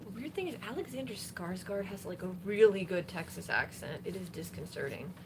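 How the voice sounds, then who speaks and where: A woman singer-songwriter with a medium-pitched, expressive voice chats briskly between songs on a live stream. She rambles along with plenty of fillers as she plays guitar in the background.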